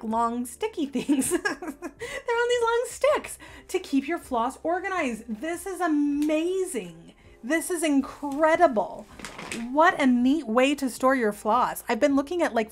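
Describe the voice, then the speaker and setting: A young adult woman vlogging casually as she unboxes craft kits, gushing and gasping with excitement. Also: sits high. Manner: gushing, excitable, gasps often. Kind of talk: unboxing chat.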